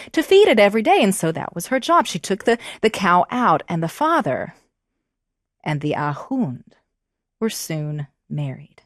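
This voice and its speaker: Lively woman telling a story to kids. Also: mid-range voice, dry recording, clean studio sound. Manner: animated, expressive, prompting the audience to join in. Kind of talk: live storytelling to children.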